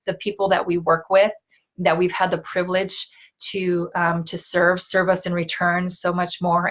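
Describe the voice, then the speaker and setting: A woman in her forties with a lowish, slightly bright voice co-hosts a talk show. She chats in a casual, heartfelt way, using lots of fillers and tag questions.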